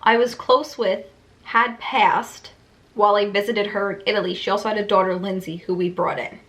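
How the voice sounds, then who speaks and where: A woman's voice: mid-range voice, steady tone, normal speed, fairly bright tone. A young woman reading her old writing aloud, breaking off for wry, self-mocking asides. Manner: breaks off mid-sentence to comment. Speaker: YouTuber.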